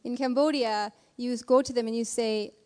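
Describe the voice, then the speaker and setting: A woman speaking in a church service, telling a personal story in an animated way and acting out the voices in it. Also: a little high, moderate pace, smooth. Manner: animated storytelling with acted quotes. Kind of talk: sermon testimony. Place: church sanctuary. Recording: reverberant church hall.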